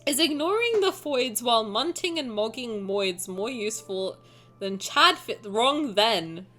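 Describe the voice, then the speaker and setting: A woman's voice: fairly high pitch, animated, unhurried, a bit bright, faint music behind. A young woman streaming live, reading chat messages aloud and reacting with swearing and frequent laughter.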